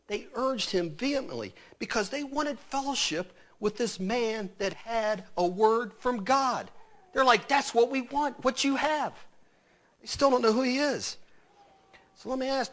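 A man preaching a sermon, swinging between loud emphatic lines and hushed, quiet asides. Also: a little high.

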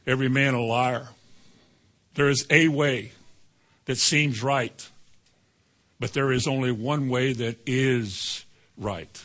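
A man preaching a sermon in a folksy, animated way, breaking into sudden high exclamations. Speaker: pastor.

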